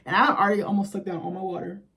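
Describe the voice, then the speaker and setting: A woman's voice: mid-range voice, level tone, rapid-fire, fairly bright tone. A young woman casually recapping a reality show, blunt and profane, acting out the quotes she retells.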